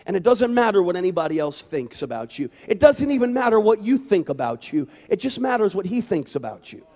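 Evangelist man, high voice, impassioned sermon in a reverberant hall. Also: sing-song, a little fast. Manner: impassioned, building to shouts. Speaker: evangelist preacher.

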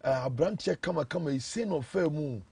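A man's voice: on the high side, animated, quick pace, gravelly, a loud crowd. A man, an evangelist hosting an interview, who prompts his guest and echoes the guest's words back. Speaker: evangelist host.

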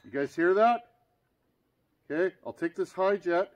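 A plain-spoken man walks viewers through a hands-on repair, calling them "guys" and talking straight to them. His voice sits a touch higher than most men's. At times he pushes it louder, as if over a running engine. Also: lively intonation, unhurried, a little hiss or hum. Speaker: chainsaw repair demonstrator. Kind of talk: hands-on workshop demonstration.

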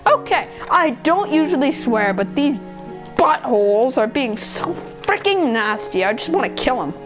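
A woman's voice: high-pitched, very animated, unhurried, music in the background. A woman giving casual gaming commentary, trading childish insults and mock-angry rants at other players. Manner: childish trash talk and insults; playful, mock-angry ranting. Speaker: gameplay video maker.

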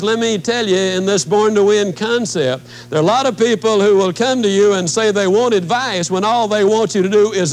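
A man giving a motivational talk as a folksy storyteller, slowing down to stress his points. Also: sits high, a little hiss or hum, low-quality recording. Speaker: motivational speaker.

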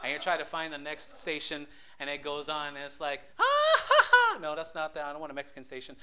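A man preaching a conversational sermon, telling stories with frequent restarts and rising loud for emphasis. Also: a little high, flat delivery, fast, noisy background. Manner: many restarts and stammers. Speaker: lay preacher.

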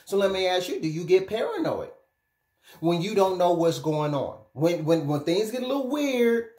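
Guy life coach giving advice straight to camera, emphatic and lively, echoey room. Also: sits high, normal speed. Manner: animated, emphatic, repeatedly checks in with "okay?". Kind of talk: direct-to-camera advice monologue.

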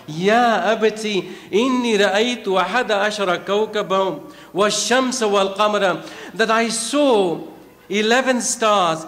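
A man delivers a sermon at a religious gathering, his voice pitched high. He chants verses and then unpacks them, coming back to key phrases again and again. Long reverb from a large hall trails behind every line. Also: fairly bright tone. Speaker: preacher.

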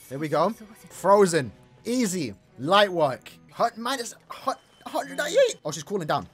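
A young man hosting an anime reaction, casual and slangy, breaking into excited exclamations and shouts. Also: high-pitched, slow pace, husky, faint music behind. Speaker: anime reaction channel host.

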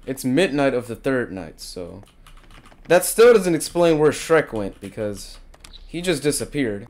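Young guy playing a game on camera, jokey chatter, medium pitched, gets loud and frantic. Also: sing-song, unhurried. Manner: jokey, talks to viewers, gets frantic and shouty when panicked. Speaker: gaming video creator. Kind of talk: casual let's-play commentary.

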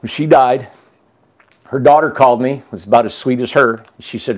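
A man's voice: mid-range voice, normal speed. A man hosting a casual chat, telling a long story with restarts and asides. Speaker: host.

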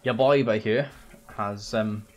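A man's voice: lowish voice, steady tone, slow, muffled recording. A young man streaming a video game, joking, swearing and chatting to his viewers. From Wales. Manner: sweary, joking, talks to chat. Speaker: gaming streamer. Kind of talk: casual let's-play commentary.

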